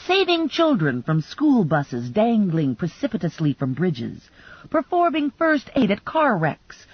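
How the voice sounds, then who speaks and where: Lively wry female audiobook narrator. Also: lowish voice, slightly rough, dry recording, lo-fi sound. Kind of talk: first-person audiobook narration.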